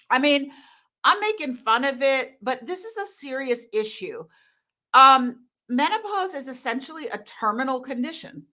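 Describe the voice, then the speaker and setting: A woman hosting a live stream as a hormone coach, talking bluntly and laughing often. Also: sits high. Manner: animated, laughing, blunt and emphatic. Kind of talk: casual live-stream talk to viewers.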